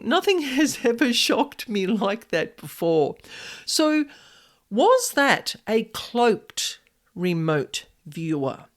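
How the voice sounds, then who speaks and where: A woman hosting a podcast, telling a personal paranormal experience in a casual, expressive way with many "like" fillers. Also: on the high side. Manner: animated, expressive, frequent "like" fillers. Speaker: podcast host, paranormal specialist. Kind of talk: casual storytelling monologue.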